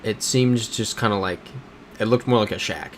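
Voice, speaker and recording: A man's voice: on the low side, moderate pace, a little hiss or hum. A man chatting casually as he streams a geography game, thinking aloud and reading out his chat.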